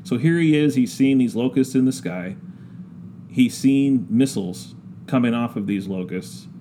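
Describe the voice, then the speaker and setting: A man telling a story in casual podcast talk, slow and drawn out with frequent ums. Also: medium pitch, mellow, slight background noise. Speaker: podcast guest discussing scripture.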